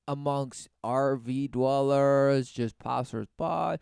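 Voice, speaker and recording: A man's voice: medium pitch, extremely slow, creaky, smooth, no echo, studio quality. A man giving sarcastic commentary over a news clip, mocking what he hears. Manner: mocking, sarcastic, swings between loud outbursts and mutters.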